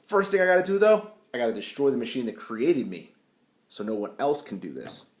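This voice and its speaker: A man's voice: mid-range voice, big pitch swings, fairly quick, close to an everyday voice. A man voicing a boastful male monster villain who blusters and talks trash in a casual way. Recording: roomy echo.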